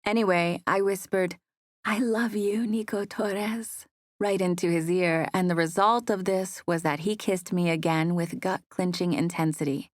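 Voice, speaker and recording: A woman narrating a first-person romance audiobook in a soft, intimate storytelling manner on a close studio mic. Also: lowish voice, steady tone, moderate pace, few pauses, no echo.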